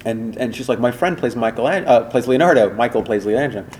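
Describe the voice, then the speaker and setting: An animated man rambles through studio anecdotes as a podcast guest, his voice sitting at an ordinary middle pitch. He piles up fillers and restarts, and a light hiss of noise sits under the recording. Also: fast. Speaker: voice director and voice actor guest. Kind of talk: casual podcast interview storytelling.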